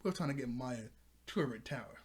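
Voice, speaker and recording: A man talking through a show recap in a loose, rambling way. His voice sits at an ordinary middle pitch. He keeps breaking into laughter and filling gaps with "you know" and "like". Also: expressive, fast, slightly rough. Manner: rambling, laughs often, paraphrases characters loosely. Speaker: show reviewer. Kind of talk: casual episode recap.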